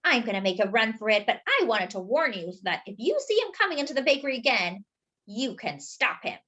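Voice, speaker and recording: A woman's voice: very animated, fairly bright tone. A woman voicing a fussy, dramatic little male doughnut that talks in a prim, indignant way. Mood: sweetly sly. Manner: prim, indignant, high and slow. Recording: dull lo-fi sound.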